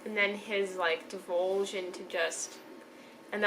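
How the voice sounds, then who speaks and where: A woman's voice: mid-range voice, fairly even intonation, normal speed, background noise. A young woman casually reviewing a novel she loved, chatty and gushing, often trailing off and restarting her sentences. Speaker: book reviewer. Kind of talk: casual book review vlog.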